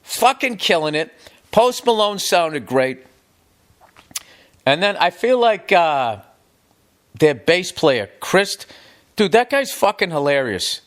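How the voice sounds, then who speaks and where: A man's voice: high voice, very animated, takes it slowly, pauses often. A middle-aged man from the United States hosting a podcast, talking in a casual, comedic monologue that rambles and swears emphatically. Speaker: podcast host.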